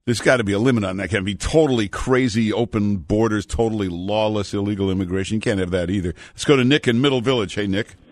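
A man's voice: on the low side, fast, hardly any pauses, dry recording. A male radio talk show host taking calls, blunt and opinionated, wandering into asides. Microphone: studio microphone.

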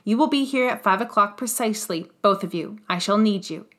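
Woman reading scheming poor man, gloating, emphatic, domineering, audiobook, mid-pitched voice. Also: a little fast, a bit bright, natural voice.

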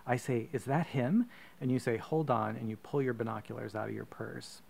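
A man co-hosting a podcast, reading a profane, comic choose-your-own-adventure story aloud with deadpan asides. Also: medium pitch, normal speed, vocal fry, slightly rough. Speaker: podcast co-host.

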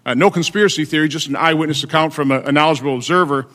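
A man at a hearing reading testimony into the record in a measured, halting way with many fillers. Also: a little high, a bit bright. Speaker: senator at a hearing.

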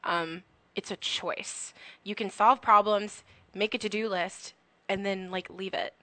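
A woman's voice: mid-range voice, steady tone, measured pace, sharp tone, no echo. A young woman from Florida, a podcast guest, talking in a chatty, emotional, jokey way with lots of fillers. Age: young adult. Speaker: podcast guest, film student. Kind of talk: casual chat.

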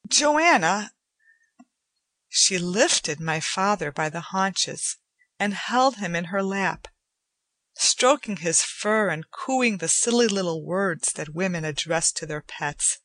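Brief: woman audiobook narrator, unhurried and lowish, dry close studio sound. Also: a bit bright, no echo. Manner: measured, deliberate storytelling. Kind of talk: scripted narration.

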